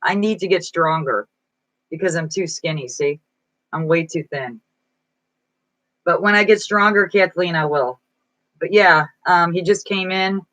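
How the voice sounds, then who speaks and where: A woman's voice: fairly low pitch, unhurried, pauses often, a bit bright, no echo, rough recording. A woman chatting casually on a live stream as a psychic reader, reading viewers' comments aloud and answering them, sounding weak and foggy-minded. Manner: reads viewer comments aloud and chats back. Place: indoor room at home.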